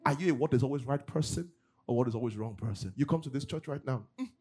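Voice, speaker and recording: A man preaching a sermon in church, swinging between loud bursts and low asides. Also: quick pace. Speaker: pastor. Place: church service.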